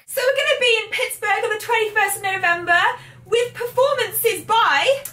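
A young English woman talks in a bubbly, excitable way on a shared vlog. Her voice is high and bright. It sits in a roomy echo, picked up from a little distance, with faint music underneath. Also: moderate pace. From England. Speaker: vlogger, co-host. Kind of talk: casual chat. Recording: echoey room, mic at a distance.

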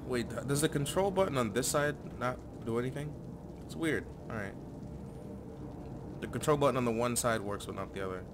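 A man giving casual gameplay commentary, cursing often and breaking into shouts at his character. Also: medium pitch, lively intonation, fairly quick, long pauses, background noise. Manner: swearing, yells in bursts at the character. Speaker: gaming channel host.

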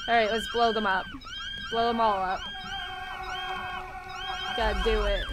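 A woman giving casual gameplay commentary, excitable, shrieking and swearing at the game. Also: on the high side, a little slow, long pauses, background noise. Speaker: gaming YouTuber.

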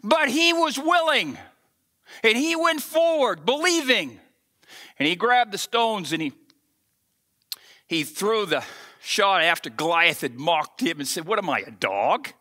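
A male pastor preaching a sermon, telling a scripture story with animated, acted-out delivery. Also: high-pitched, slow, long pauses.

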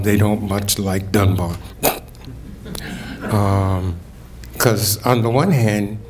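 Older male keynote speaker, unhurried, declamatory poetry reader with ringing emphasis. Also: fairly low pitch, slight background noise. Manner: slow, declamatory, rising to ringing emphasis on key words. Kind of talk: dramatic poetry reading and lecture. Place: event hall at a community breakfast.

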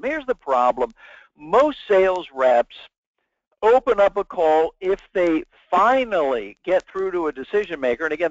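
Male sales trainer, webinar host, emphatic and energetic, fairly high voice, dry lo-fi sound. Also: no echo. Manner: energetic, emphatic coaching with big swings in inflection. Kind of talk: webinar presentation. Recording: dull lo-fi webinar audio.

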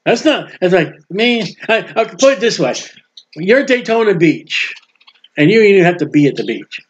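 A man preaching a sermon with emphasis, swinging between loud proclaiming and quiet asides. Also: sits high, big pitch swings, normal speed, highs cut off.

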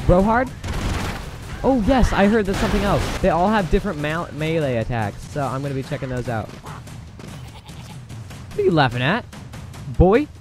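A young man casually commenting on a game as he plays, excitable and quick to exclaim. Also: a little high. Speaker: gameplay commentator. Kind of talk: casual let's play commentary. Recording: game music and gunfire loud behind voice. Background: game music and gunfire.

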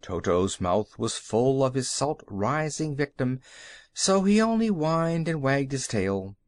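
A man narrating a children's audiobook with expressive storytelling. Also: mid-range voice, slow, no echo.

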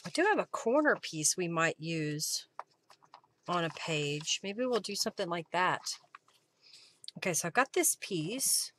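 A woman with a bright, clear voice leads a live craft session. She muses aloud about each step and keeps up easy chatter with her viewers. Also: fairly low pitch, lively intonation, unhurried, slight background noise. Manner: chatty, thinking aloud while working, thanking viewers. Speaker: craft journaling host. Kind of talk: live-stream crafting demo.

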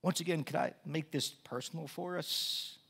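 This male pastor's voice is on the high side, gravelly and husky, and he speaks at a normal speed. Often repeating words, he delivers a sermon to his church that rises from calm teaching to loud, animated storytelling.

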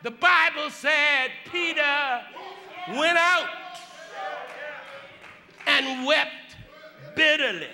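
A man, a bishop, preaching a sermon in a church with slow, rhythmic delivery, shouting and half-singing his phrases. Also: very high voice, big-room sound. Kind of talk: whooping Black church sermon. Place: church sanctuary.

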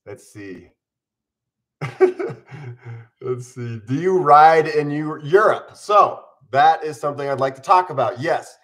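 A man's voice: medium pitch, a bit bright. A man in his forties hosting a casual live stream from home, chatting upbeat and eating on camera while mildly ill.

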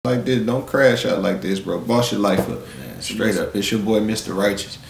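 A man's voice: on the low side, moderate pace, vocal fry. Guy ranting on a livestream, blunt and preachy, slangy, kinda echoey room w/ a little hiss. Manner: blunt, preachy street slang, repeats "bro". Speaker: live-stream commentator. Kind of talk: casual commentary rant.

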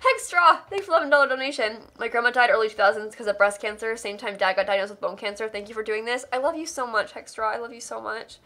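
Bright-voiced young woman streamer, effusive. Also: a little high, quick pace, hardly any pauses. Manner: effusive, emotional thanks. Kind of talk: live charity stream, reading donation messages.

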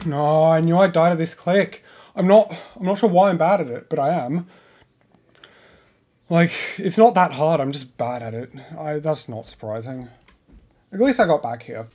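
A man's voice: a little high, normal speed, a little mellow. A man giving live gameplay commentary, complaining in frustration about a level as he plays. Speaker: gamer playing live.

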